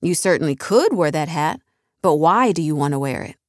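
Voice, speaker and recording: A soft, loving mother reassures her little girl in a children's storybook, voiced by the woman reading it. Her lowish voice sounds dry and close, as in a recording booth. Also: animated, fairly quick, dry recording. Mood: tender. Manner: warm, tender storytelling.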